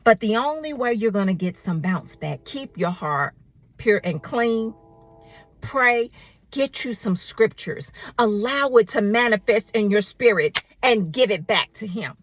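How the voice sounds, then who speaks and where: A woman's voice: mid-range voice, expressive, measured pace. A woman preaching a devotional sermon, exhorting her listeners, repeating her phrases, reciting scripture and calling for a response.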